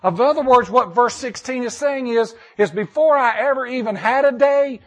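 A man preaching a sermon, reading scripture and repeating key lines emphatically with dramatic pauses. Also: extremely high pitch, fairly bright tone. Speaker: pastor.

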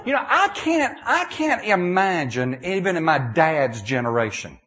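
Animated high-pitched preacher man. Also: measured pace. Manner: animated, folksy, many restarts and "okay?" checks. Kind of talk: sermon with audience questions.

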